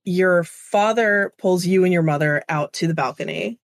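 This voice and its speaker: A woman narrating a tabletop game as game master, in a casual, halting way with fillers. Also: lowish voice, gravelly, dry recording.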